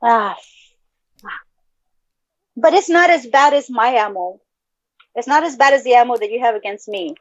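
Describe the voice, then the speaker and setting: A woman's voice: a little high, animated, normal speed, pauses often, no echo, dull audio. A woman from El Paso co-hosting a podcast in casual chat, cursing freely and erupting in mock-outraged outbursts. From El Paso, Texas. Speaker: podcast co-host.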